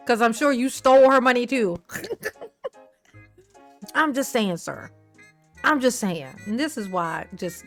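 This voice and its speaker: A woman with a fairly high voice riffs on a news clip in loose, sassy commentary. She mocks, cusses freely and laughs often, sometimes slipping into exaggerated impressions of the people involved. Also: a bit bright. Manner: breaks into exaggerated mimicking voices. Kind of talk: casual reaction commentary.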